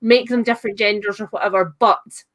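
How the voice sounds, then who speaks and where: A woman's voice: mid-range voice, fairly even intonation, a little fast, a bit bright. A young Scottish woman hosting a cosy livestream, chatting casually with a playful, giggly, teasing manner. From Scotland. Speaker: livestream host. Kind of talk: casual chat. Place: at home. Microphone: livestream setup.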